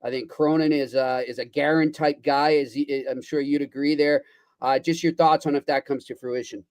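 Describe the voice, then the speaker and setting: A man's voice: on the high side, fairly even intonation, normal speed, darkish tone, no room sound. Conversational man co-hosting a sports podcast. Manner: conversational, feeds questions, frequent short agreements. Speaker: podcast co-host. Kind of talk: casual podcast talk.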